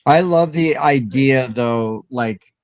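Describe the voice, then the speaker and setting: A man's voice: mid-range voice, slow, dry recording. A man co-hosting a casual board game chat over a video call, talking in a rambling, enthusiastic way with lots of fillers. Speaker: co-host. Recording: dull lo-fi video call audio.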